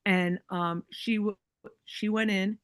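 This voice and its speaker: A woman's voice: medium pitch, steady tone, slow, clean tone, dry recording. Chatty woman telling a story. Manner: chatty, many likes and you-knows, acts out quoted voices. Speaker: podcast guest. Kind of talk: casual storytelling chat.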